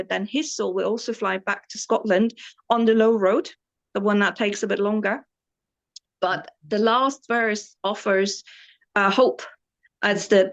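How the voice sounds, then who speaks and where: A German-born woman in her forties, with an English accent tinged by the British Isles, telling stories as a tour guide in an enthusiastic, rambling way with many restarts. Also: mid-range voice. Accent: British Isles-influenced English. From East Germany. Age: 40s. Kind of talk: casual interview storytelling.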